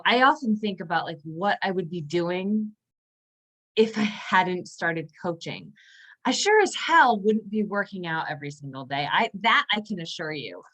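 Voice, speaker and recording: Woman, coach, slow earnest talk, lowish pitch. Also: fairly bright tone, rough recording. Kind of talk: casual group call chat.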